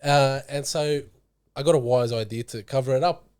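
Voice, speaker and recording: A young man in casual chat, playful and quick to react and joke. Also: medium pitch, a little mellow. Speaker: podcast co-host.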